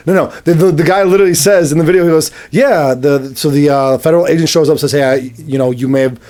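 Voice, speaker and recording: Male co-host, light high voice, casual, keeps interjecting. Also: steady tone, fast talker, darkish tone. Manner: interjecting, acts out quotes in a lower voice. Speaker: podcast co-host. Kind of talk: casual chat.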